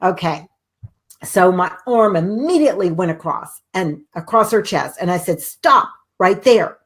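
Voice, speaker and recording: Animated middle-aged woman hosting a talk show. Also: lowish voice, moderate pace. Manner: animated storyteller, acts out quoted voices. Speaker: host. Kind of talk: storytelling talk show monologue.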